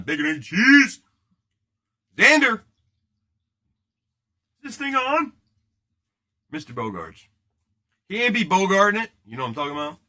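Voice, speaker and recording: A man in his thirties hosts a live card break, joking and rambling loosely with his viewers. His voice sits a little high with a bright edge. It swings widely in pitch as he talks. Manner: joking, rambling, banters with chat.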